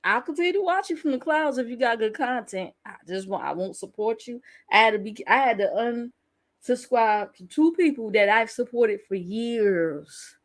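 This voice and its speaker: A woman with a fairly high voice hosts a casual reaction commentary. She speaks bluntly and candidly, swearing and laughing freely. Her delivery feels like an unscripted chat with viewers. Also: expressive, normal speed. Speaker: YouTube commentary host.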